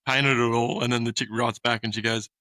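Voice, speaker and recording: Sweary Australian man, bright animated storyteller. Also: mid-range voice, fairly quick, no room sound. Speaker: podcast host. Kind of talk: casual chat.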